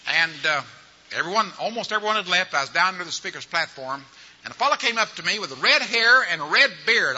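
A man's voice: high-pitched, pushed and bright. An older man giving a sermon-style evangelism training talk, telling folksy stories and acting out the voices of the people in them. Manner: folksy storytelling, acts out quoted voices. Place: large church or auditorium. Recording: muffled recording in a large reverberant hall.

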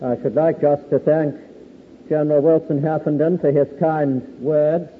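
A higher-voiced man teaches Scripture to a gathering in a large tent, measured and formal, now and then pausing on a hesitant filler. His voice rings with a long reverb and comes through a thin, phone-like band. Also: slight background noise. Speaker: Bible teacher at a convention. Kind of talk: Bible exposition sermon.

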